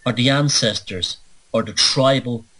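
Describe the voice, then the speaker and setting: Husky-voiced man ranting on a podcast. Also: medium pitch, a little slow, a bit bright, low-quality recording. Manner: sardonic, emphatic rants with playful asides. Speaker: show host. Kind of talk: monologue podcast.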